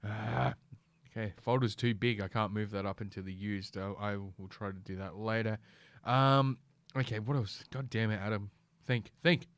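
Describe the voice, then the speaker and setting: Profane, rambling middle-aged podcast host. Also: male voice, lowish voice, steady tone, moderate pace, no echo. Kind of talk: casual solo podcast rant.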